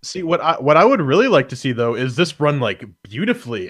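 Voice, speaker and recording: Excitable stammering man, higher voice. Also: fairly quick, hardly any pauses. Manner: excitable, stammering restarts, heavy swearing. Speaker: podcast co-host. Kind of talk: casual gaming podcast chat.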